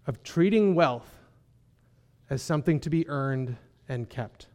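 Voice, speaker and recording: A man's voice: mid-range voice, lively intonation, a little slow, darkish tone. A man preaching a sermon in a conversational way, often checking in with the congregation with rhetorical questions. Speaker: pastor.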